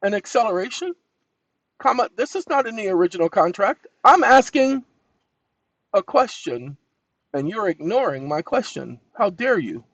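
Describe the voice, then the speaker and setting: A man hosting his own channel, speaking to viewers in a folksy, animated way while dictating to a voice assistant and telling it to wake up. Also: sits high, normal speed, no echo, low-quality recording. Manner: animated, scolding, commanding interjections; folksy, addresses audience as y'all. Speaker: channel host.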